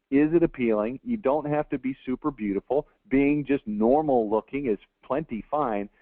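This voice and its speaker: A man talks through a marketing webinar in a casual, folksy way, often checking in with his listeners. His voice sits at a middle pitch. It comes through a dry, narrow, phone-like line. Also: no room sound. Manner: conversational, folksy asides, frequent "okay?" checks. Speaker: marketing consultant presenting a webinar.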